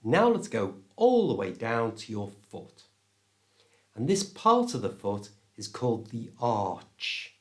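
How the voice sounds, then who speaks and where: A British-accented man teaching an English lesson, modelling each word slowly and deliberately. His pitch swings up and down with plenty of life, and his pace stays unhurried throughout. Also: huge pitch swings. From England. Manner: slow, clear and deliberate, modelling words for repetition. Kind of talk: pronunciation lesson to camera.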